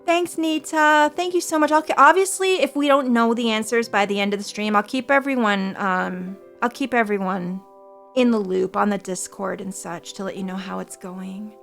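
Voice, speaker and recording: A woman's voice: mid-range voice, moderate pace, gravelly, fairly bright tone, faint music behind. A young woman streaming, chatting casually with her viewers in an anxious, rambling way, often repeating herself. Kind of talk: casual livestream chat.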